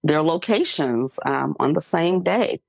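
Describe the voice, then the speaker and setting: A middle-aged woman co-host with a low voice talks in a loose, chatty way, full of fillers and little laughs. She is recorded close and dry, with no room sound. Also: lively intonation, measured pace, creaky, dry recording. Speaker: podcast co-host. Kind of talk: casual chat.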